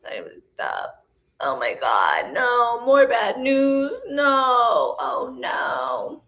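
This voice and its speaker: A woman acting as a whiny inner victim, melodramatic, wailing, shouty. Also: on the high side, huge pitch swings, very slow, exaggerated voice. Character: whiny self-pitying female inner victim.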